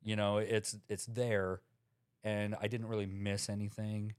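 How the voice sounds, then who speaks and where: Laid-back low-voiced man chatting. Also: level tone, unhurried, smooth, no echo, clean studio sound. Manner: laid-back, rambling with fillers. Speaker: podcast co-host, tattoo artist. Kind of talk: casual chat.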